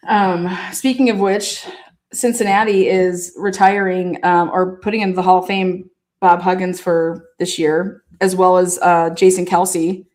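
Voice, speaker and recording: A woman with a slightly low voice tells loose, rambling stories in a casual way. She swears freely, trails off and restarts, and breaks into laughter often. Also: a little mellow. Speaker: host. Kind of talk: casual storytelling.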